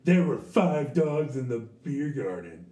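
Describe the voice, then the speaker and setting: A hoarse man putting on a mocking voice as a whiny, fussy male restaurant reviewer. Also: mid-range voice, sing-song, takes it slowly, mellow. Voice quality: mocking nasal put-on voice. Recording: echoey room, distant mic.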